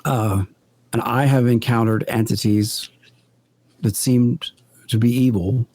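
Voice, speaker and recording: A man guest on a podcast, a paranormal investigator, telling his experiences in an earnest, deliberate way. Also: mid-range voice, fairly even intonation, darkish tone, no room sound. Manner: earnest, deliberate, builds stories step by step. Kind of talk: conversational storytelling in an interview.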